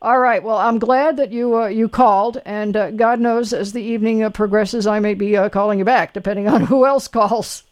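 A man's voice: high-pitched, fairly even intonation, moderate pace, hardly any pauses, darkish tone, clear, resonant tone. Give me a chatty man hosting late-night call-in radio trivia. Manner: chatty, many fillers and restarts. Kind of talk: casual live radio chat.

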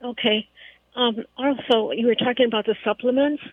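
A woman's voice: on the high side, fairly even intonation, normal speed, husky, dry recording. A woman calling in to a radio show, talking in a hesitant way with many fillers and restarts. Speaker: caller. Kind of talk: call-in chat. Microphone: telephone. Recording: phone line into the studio.

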